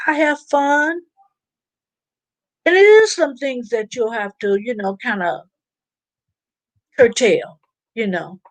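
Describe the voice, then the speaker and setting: A woman's voice: fairly high pitch, animated, slow pace, pauses often, no echo. A woman hosting a casual live stream, chatting informally and reading out viewer comments. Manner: chatty, informal, preachy about faith.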